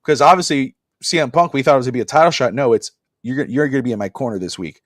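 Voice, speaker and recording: A man co-hosting a wrestling podcast, chatting casually and animatedly, acting out wrestlers' lines with sudden shouted bursts. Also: mid-range voice, racing, dry recording, clean studio sound. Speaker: podcast co-host. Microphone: podcast mic on a live stream.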